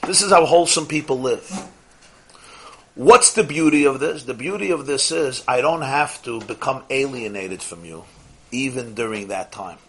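A man teaching a weekly class, telling stories in a lively way and putting questions straight to his listeners. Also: medium pitch, normal speed, breathy edge. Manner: animated storyteller, talks to listeners directly with questions. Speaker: religious teacher.

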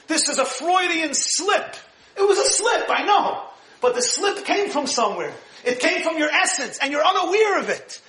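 Animated high-voiced man teaching Torah. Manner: animated, emphatic, laughs often while explaining. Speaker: rabbi teaching Torah class. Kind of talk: Torah lecture. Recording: echoey room.

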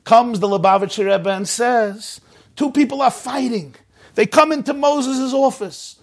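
A man giving a sermon, telling a parable with lively acted-out voices. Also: extremely high pitch, unhurried. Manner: animated, acts out shouting voices. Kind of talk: sermon storytelling.

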